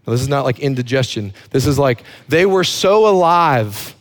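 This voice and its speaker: A man's voice: mid-range voice, expressive, moderate pace. A man preaching a sermon as a pastor, emphatic and fond of repeating words for effect.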